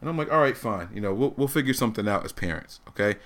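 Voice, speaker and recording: A man in his thirties telling a family story on a casual talk show, animated and laughing often as he acts out the people in it. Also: fairly low pitch, racing. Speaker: podcast host telling a story.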